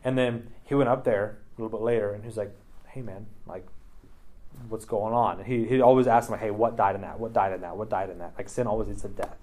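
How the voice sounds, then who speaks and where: A man's voice: lowish voice, fairly even intonation, racing, few pauses, warm tone. A man leading a casual Bible study discussion, talking loosely with lots of "like" and "right?" tags. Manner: chatty, many "like" and "right?" tags.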